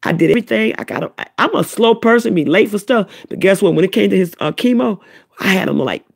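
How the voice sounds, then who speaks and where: A middle-aged woman giving an emotional personal testimony, telling her story in an animated, repetitive way. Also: mid-range voice, quick pace, creaky, husky. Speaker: vlogger, self-described prophetess.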